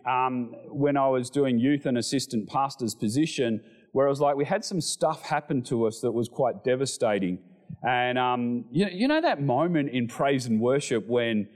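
A middle-aged male pastor preaching a sermon, animated, acting out scripture voices and climbing loud at the high points.

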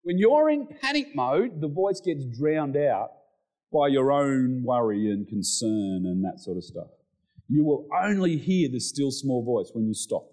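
A middle-aged man preaching a sermon, animated, with excited exclamations and humorous asides. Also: mid-range voice. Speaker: pastor.

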